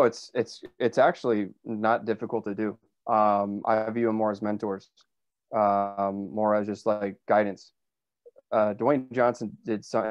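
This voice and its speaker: A man's voice: lowish voice, darkish tone. A man, an actor being interviewed, telling stories in a chatty, rambling way with many fillers and restarts. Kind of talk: casual interview storytelling. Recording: dull lo-fi dry sound.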